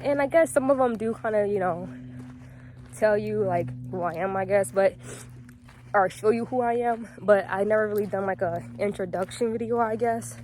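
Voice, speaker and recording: A woman's voice: mid-range voice, normal speed, a little mellow, a little hiss or hum. A woman in her twenties chatting casually to viewers in a vlog, rambling with lots of filler words, recorded outdoors in a park on a phone camera. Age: 20s. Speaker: vlogger.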